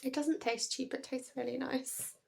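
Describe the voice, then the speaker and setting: A British woman talking at home in a loose, rambling vlog, breaking into laughs here and there. Her voice sits a little high, with a husky, gravelly edge, and she takes her time over every thought. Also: steady tone, moderate pace. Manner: rambling, chatty, laughs often. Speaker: vlogger. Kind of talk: casual chat to camera.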